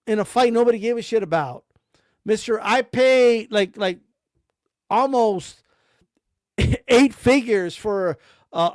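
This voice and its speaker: A man with a strikingly high voice, ranting sarcastically and swearing freely. He keeps firing rhetorical questions at his target, and the sound is close and bone-dry. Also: dry recording. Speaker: boxing streamer. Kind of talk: heated rant.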